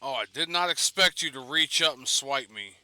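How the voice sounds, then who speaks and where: A man's voice: medium pitch, animated, moderate pace, bright, forceful tone, no room sound. A man giving casual, rambling gameplay commentary while streaming, swearing and laughing between asides. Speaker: gaming streamer.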